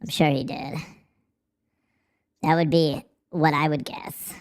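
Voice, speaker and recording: A man's voice: on the high side, little pitch movement, slow. A man hosting a livestream, ranting in a profane, sarcastic and rambling way through a voice changer. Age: adult, married. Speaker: livestream host. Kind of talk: casual livestream chat.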